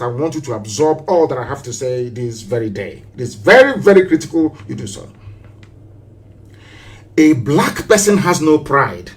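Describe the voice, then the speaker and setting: A man giving an impassioned political radio address, preaching with rhetorical questions and sudden loud outbursts. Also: fairly high pitch. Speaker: radio broadcaster.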